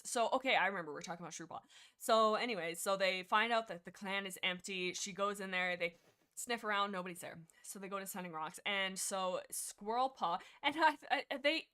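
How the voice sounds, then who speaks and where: A woman hosting a livestream, chatting casually in a rambling, excitable way with lots of restarts. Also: medium pitch. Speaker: livestream host.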